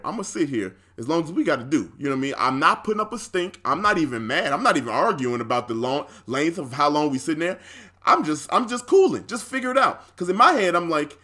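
A young podcast co-host tells a story in a casual, animated way, swearing freely and acting out what people said. His voice is a little high.

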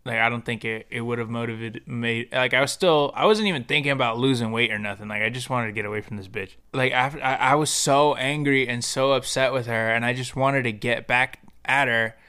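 Smooth-voiced young man ranting in slang. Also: medium pitch, a little fast, few pauses, sharp tone. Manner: profane, slangy, rambling with restarts. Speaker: podcast host. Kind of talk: casual personal storytelling monologue.

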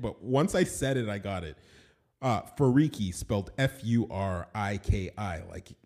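A man's voice: lowish voice, mellow. A man hosting his own podcast in a casual, rambling monologue, often laughing at himself. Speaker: podcast host and animation studio owner.

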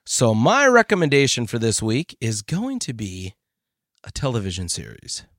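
A man co-hosting a podcast, giving a chatty, animated recommendation. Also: mid-range voice, normal speed, faint music behind. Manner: lively, chatty storytelling. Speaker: podcast co-host. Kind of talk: casual chat.

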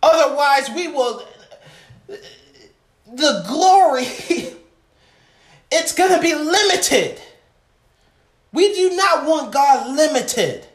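Preacher going hard at the congregation, slow and fiery, echoey room. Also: sits high, lively intonation. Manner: impassioned, calls out to the congregation. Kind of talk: sermon.

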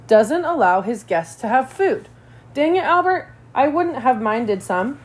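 Woman reader voicing a sassy, outspoken schoolgirl, teasing and lively in a storybook reading. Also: high voice, a little slow, pitched above the performer's own voice.

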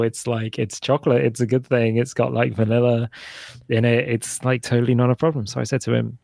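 A man in his forties rambles about parenting on a podcast, his voice gravelly with a dry, close sound. He jumps into a higher voice now and then to act out what was said in his stories. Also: fairly even intonation, fairly quick, darkish tone, no room sound. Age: 40s. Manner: rambling, acts out his son's and his own lines in a higher voice. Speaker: podcast co-host.

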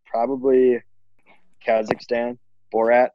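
A teenage student chatting casually with friends on a call, rambling with many restarts. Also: male voice, mid-range voice, little pitch movement, takes it slowly, no room sound, muffled recording.

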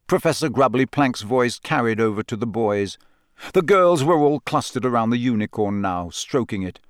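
Male audiobook narrator, animated delivery, dry studio sound. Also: medium pitch, no room sound. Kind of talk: scripted narration.

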